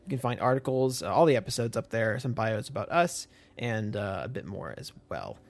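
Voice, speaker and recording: A man's voice: on the low side, expressive, fairly quick. A young adult man co-hosting a writing podcast, talking casually and rambling through announcements with plenty of fillers. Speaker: podcast co-host. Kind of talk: casual chat.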